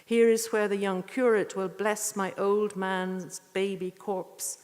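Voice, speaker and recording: A woman giving a poetry reading with short spoken introductions, earnest and unhurried, with thoughtful pauses. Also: medium pitch, flat delivery, darkish tone. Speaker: poetry reader at a tribute evening. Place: church. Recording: echoey church hall.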